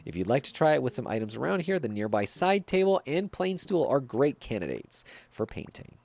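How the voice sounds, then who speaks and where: A man's voice: mid-range voice, very animated, brisk, vocal fry, a little mellow, no echo. A man streaming a video game, chatting casually and reacting to viewer messages. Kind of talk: casual gameplay livestream chat.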